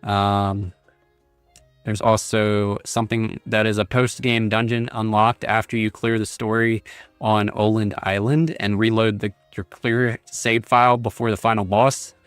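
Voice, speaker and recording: A man's voice: lowish voice, flat delivery, measured pace, clean tone, no echo. Casual male game streamer, dry sound. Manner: rambling, reads text aloud with many fillers. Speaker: gaming streamer. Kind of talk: casual livestream commentary. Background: faint game music.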